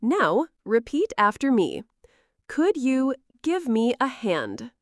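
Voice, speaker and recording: A woman teaching everyday English phrases in a slow, clear, encouraging scripted lesson, asking the listener to repeat after her. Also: a little high, sing-song, no room sound, studio quality.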